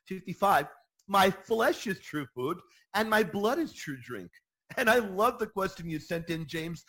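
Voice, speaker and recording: A man hosting a Catholic apologetics talk in a preaching style, emphatic and animated, repeating phrases for emphasis. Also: fairly high pitch, husky.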